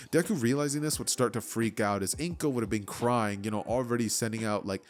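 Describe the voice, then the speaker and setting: A man's voice: medium pitch, brisk, hardly any pauses, faint music behind. A man casually narrating a fan-made story in a loose, chatty way with lots of fillers.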